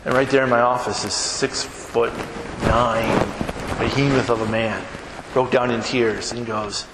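A man's voice: mid-range voice, steady tone, measured pace. A man preaching as a pastor, telling a story conversationally and acting out both sides of the dialogue. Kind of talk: sermon storytelling. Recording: echoey hall with background noise.

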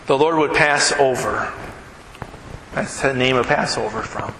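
Male pastor, sermon delivery, bright slightly high voice, chatty asides, church room echo. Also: measured pace, pauses often. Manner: storytelling, conversational asides to the congregation. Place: church sanctuary. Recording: echoey hall with long reverb, faint room noise.

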